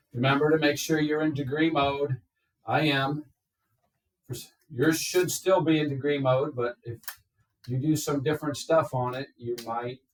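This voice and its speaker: Male teacher, classroom lecture, step-by-step, roomy echo, far from the mic. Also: medium pitch. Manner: slow, step-by-step, checks in with "okay?". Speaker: math teacher.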